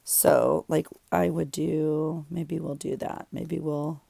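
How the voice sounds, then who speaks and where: Deep, gravelly woman chatting while crafting. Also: flat delivery, slow pace, dark tone, no echo. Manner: rambling, thinks aloud while working. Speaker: journaling vlogger. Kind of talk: casual chat while crafting. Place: home craft room.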